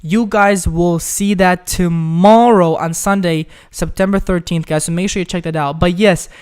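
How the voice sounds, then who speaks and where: A man's voice: high-pitched, fairly even intonation, moderate pace, darkish tone, smooth. A young man from Ukraine hosting a casual live stream, chatting loosely as he reads viewers' questions aloud and keeps calling them guys.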